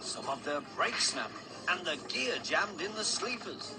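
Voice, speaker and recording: A man narrating a children's train story in a lively, expressive storybook manner. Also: high-pitched, measured pace. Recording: loud background music.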